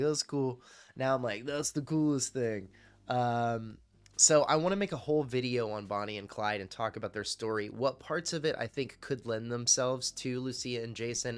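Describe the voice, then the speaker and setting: A man on a live stream chatting casually, loose and rambling, swearing freely and answering his chat as he goes. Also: fairly low pitch.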